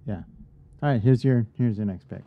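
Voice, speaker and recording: A man co-hosting a podcast in casual chat, getting animated and swearing freely as he rants. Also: medium pitch, normal speed, narrow, tinny audio. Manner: animated, profane ranting. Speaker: podcast co-host.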